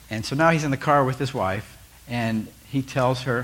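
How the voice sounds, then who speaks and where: A man's voice: mid-range voice, brisk. A male pastor giving a conversational sermon, asking the listeners questions and changing his tone often. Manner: conversational, animated preaching with rhetorical questions.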